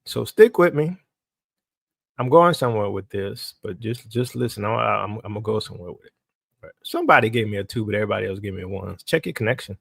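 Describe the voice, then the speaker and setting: A man's voice: fairly low pitch, lively intonation, fast, vocal fry, slightly rough, no room sound, clean studio sound. A man hosting a ministry livestream in a chatty, casual way, checking in with his viewers and often repeating himself.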